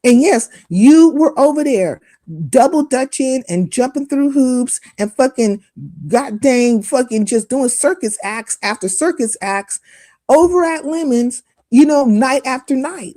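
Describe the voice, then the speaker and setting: A woman on a live stream tears into her critics in a heated rant, cursing freely and mocking them. Her voice sits a little high. The sound is close and dry, with no room around it. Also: expressive, a little slow, warm tone, no echo. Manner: confrontational, profane, mocking.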